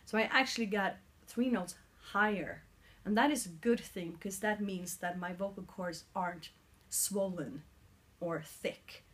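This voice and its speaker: A woman's voice: mid-range voice, unhurried, fairly bright tone. A woman with a Swedish accent in her forties, explaining her singing progress in a casual vlog recorded on a mobile phone, earnest and sometimes searching for words. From Sweden. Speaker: singer vlogging her vocal training.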